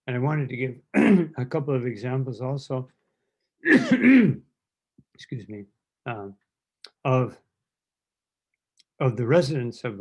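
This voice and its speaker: A man giving a devotional lecture, telling stories with quoted lines and often clearing his throat. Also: mid-range voice, darkish tone. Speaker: spiritual teacher giving a lecture.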